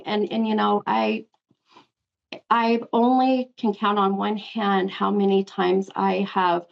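A woman's voice: medium pitch, gravelly, muffled recording. A woman hosting a psychic call-in show, giving an affectionate spirit reading and calling the caller hun. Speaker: psychic medium show host.

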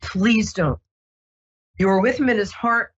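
A woman hosting a psychic radio show, talking gently and reassuringly with many ums and restarts. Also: medium pitch, unhurried, husky, highs cut off. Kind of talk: casual radio psychic reading.

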